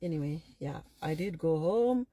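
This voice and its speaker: A woman's voice: sits low, normal speed, dry recording. A woman telling a personal story to an audience, speaking directly to them and acting out the people in it. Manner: animated storyteller who acts out quoted people.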